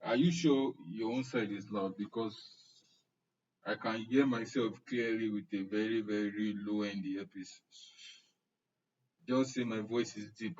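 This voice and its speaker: A young Nigerian man with a lowish, slightly mellow voice leads an online class, joking and chatting with viewers and addressing their comments by name. The live-stream recording is muffled and distant.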